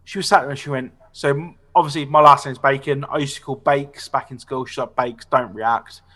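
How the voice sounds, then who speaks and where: A man in his late twenties hosts a podcast, telling animated, sweary anecdotes in casual chat and frequently tagging "right?" onto his sentences. He talks fast at a medium pitch.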